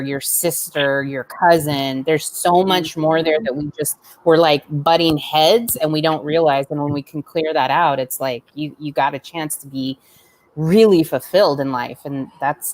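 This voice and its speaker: A woman with a low voice appears as a guest relationship coach in a casual chat. She speaks earnestly and a little haltingly, often repeating a word before she goes on. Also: fairly even intonation.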